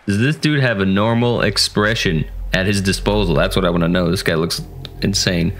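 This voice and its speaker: A man's voice: low voice, moderate pace, gravelly, fairly bright tone, slight background noise. A man casually commentating a horror game, joking and talking to the characters. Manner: jokey, playful, talks to the game characters. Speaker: gaming channel host.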